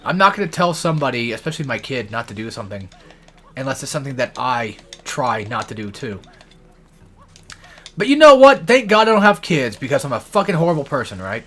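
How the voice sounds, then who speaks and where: A young man talks over his gameplay in a loose, rambling way. He rants and swears freely, drifting between complaints and the game in front of him. His voice sits at an ordinary middle pitch. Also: sing-song, fairly quick, fairly bright tone. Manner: profane, ranting, frequent swearing. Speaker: let's play gamer.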